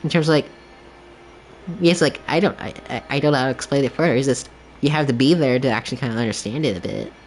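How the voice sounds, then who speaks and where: A man's voice: mid-range voice, fast talker, faint music behind. A young man streaming a game, chatting casually in a rambling, candid way, leaning heavily on the filler "like". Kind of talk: casual chat while gaming.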